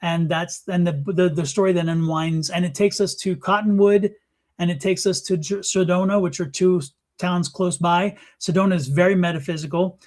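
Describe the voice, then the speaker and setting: A man's voice: high-pitched, fairly even intonation, normal speed, a little mellow. A man co-hosting a live stream, talking in a chatty, rambling way about his books. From Arizona. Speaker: co-host and author. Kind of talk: casual live-stream chat.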